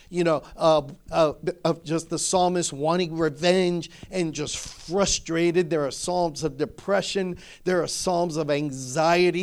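A man's voice: fairly high pitch, a little mellow. A middle-aged man, a pastor, preaching a sermon emphatically and building his points through repetition.

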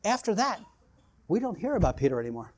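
A man's voice: high-pitched, big pitch swings, fast, darkish tone. A man preaching a sermon, retelling scripture stories and acting out the quoted exchanges, building in intensity as he goes.

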